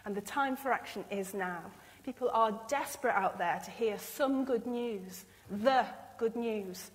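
A woman's voice: mid-range voice, a little slow. A woman preaching an earnest, emotional sermon and acting out the speech she imagines from others. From England. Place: church. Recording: long church reverb.

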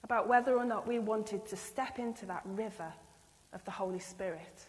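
A woman's voice: medium pitch, normal speed. Earnest woman preaching in an echoing church. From England. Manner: earnest, emotional, acts out imagined speech. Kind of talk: sermon. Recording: long church reverb.

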